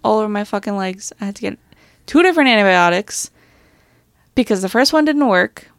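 A podcast co-host with a mid-range voice talks in an animated, fairly quick way, with no room sound in the recording. Her casual chat is full of swearing and the word "like," and she trails off with "like."

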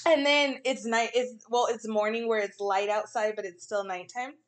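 A woman in her thirties, a mother, telling animated stories in casual chat with frequent laughs. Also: on the high side, moderate pace.

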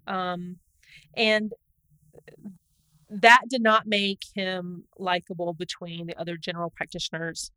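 A woman co-hosting a casual podcast, telling the story in an animated way, laughing often and trailing off mid-sentence. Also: mid-range voice, clean tone, no room sound, poor audio. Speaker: podcast co-host. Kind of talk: casual true crime podcast chat.

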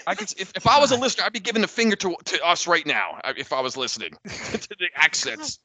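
A man co-hosting a casual sports podcast, venting in an animated, exasperated way. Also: sits high, fast talker, breathy edge, no echo. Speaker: podcast co-host.

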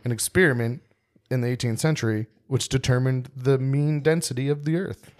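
A young man co-hosts a podcast in loose, casual chat, cracking jokes and laughing easily. His voice sits at an ordinary middle pitch for a man. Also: fairly even intonation, fairly quick, darkish tone. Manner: joking, laughs often. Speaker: podcast co-host.

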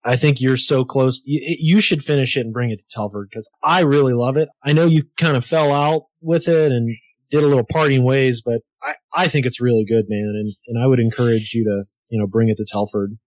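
A man co-hosts a podcast in a friendly, encouraging way. His voice is mid-pitched and sounds dry. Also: fairly even intonation, a little fast, dry recording. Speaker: podcast co-host. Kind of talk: podcast talk and sponsor read.

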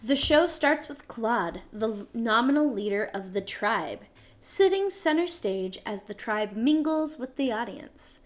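A woman's voice: fairly high pitch, animated, measured pace, faint music behind. A woman co-hosting a podcast, reading out a show synopsis from a script with small slips and self-corrections. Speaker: podcast co-host.

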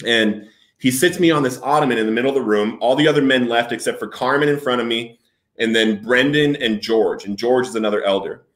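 Earnest man telling his story, echoey room. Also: medium pitch. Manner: earnest, halting storytelling with many restarts. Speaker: interview guest. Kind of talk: personal recovery story.

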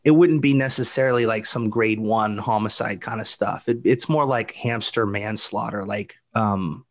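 A podcast co-host in his forties, speaking at a normal pace in a lowish voice, tells stories in a casual chat. His animated, rambling delivery is full of restarts, and he keeps calling his friend dude and bro.

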